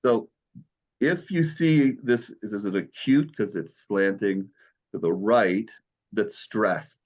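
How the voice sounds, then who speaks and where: A man's voice: fairly low pitch, slow, darkish tone, lo-fi sound. A man teaching Greek in an online class, patient and encouraging as he explains step by step.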